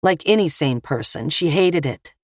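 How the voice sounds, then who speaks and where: A woman reads a thriller audiobook in a measured, steady voice. Her voice sits very low for a woman, and the studio sound is dry and close. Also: no echo. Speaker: audiobook narrator. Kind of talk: scripted narration.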